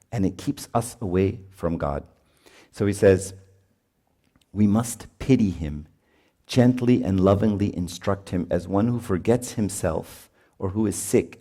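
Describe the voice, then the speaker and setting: Lively middle-aged man preaching, dark voice. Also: low-pitched. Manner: animated, acts out parent and child voices. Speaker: priest. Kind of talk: retreat sermon.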